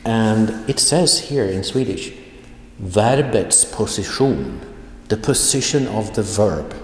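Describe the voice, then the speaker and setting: A man teaching an online language lesson, speaking slowly and deliberately and repeating example phrases. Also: on the low side, slight background noise. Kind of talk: online video lecture. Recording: echoey room with long reverb.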